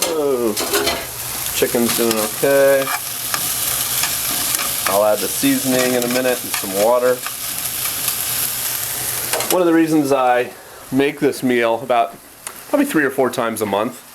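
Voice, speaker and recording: A man's voice: mid-range voice, a little hiss or hum. A man casually explaining each step as he cooks dinner in a small apartment kitchen for a vlog. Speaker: vlogger.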